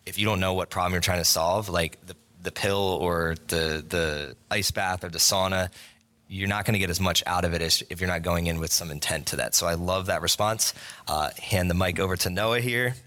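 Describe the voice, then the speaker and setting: Deep bright-toned panel moderator. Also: male voice, steady tone, fairly quick. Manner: upbeat, thanks and introduces speakers.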